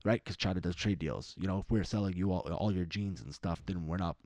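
Swearing freely, a young man co-hosting a podcast wanders through political talk and abruptly mimics others in raised, mocking tones. His voice sits low, is a little mellow, and moves fairly quickly, with no echo.

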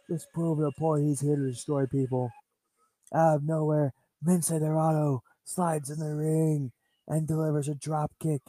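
A man's voice: on the high side, dry recording. A man hosting a podcast, narrating a toy wrestling show play by play and calling out names like a ring announcer. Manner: announcer-style, calls wrestlers' names loudly. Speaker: podcast host.

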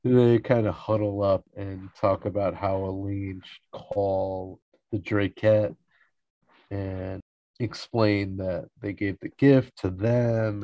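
A man hosting a show, casually recapping a sitcom episode in a relaxed way, acting out the lines and chuckling often. He is recorded close on a mic with a dull, lo-fi sound. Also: lowish voice, creaky, no room sound.

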